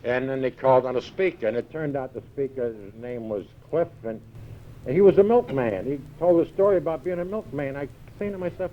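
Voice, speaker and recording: A man's voice: medium pitch, fairly quick, slight background noise. An older American man speaking at a recovery meeting, telling a wry, self-mocking story and acting out the dialogue. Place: large hall with live audience. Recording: dull lo-fi 1978 tape recording.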